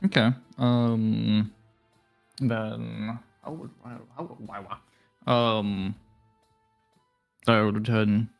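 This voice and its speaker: Casting: male player, gravelly fry in the voice, halting casual delivery. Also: lowish voice, fairly even intonation, soft background music. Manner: hesitant, stammering questions. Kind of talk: casual tabletop chat.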